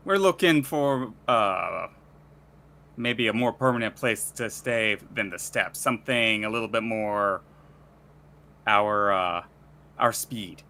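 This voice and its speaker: A man playing a tabletop game who speaks in quick, hesitant bursts. His voice is bright and forceful. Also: fairly low pitch. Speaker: player.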